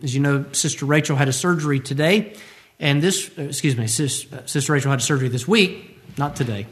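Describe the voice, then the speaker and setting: A man's voice: medium pitch, brisk. A tired male preacher giving a sermon, who acts out the scripture quotes he tells.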